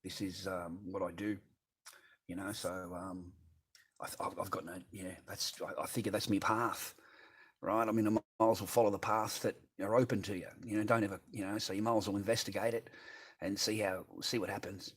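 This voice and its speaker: A rambling Australian man talks loosely to his live stream, swearing freely and reading out chat. His voice is low and husky. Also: steady tone, a little fast.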